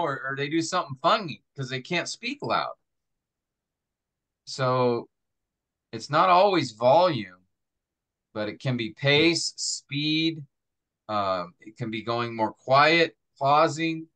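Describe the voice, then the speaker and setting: This middle-aged man, a preaching instructor, talks through his class thoughtfully and conversationally. His medium-pitched voice comes across pushed and bright, and he illustrates delivery with acted-out examples.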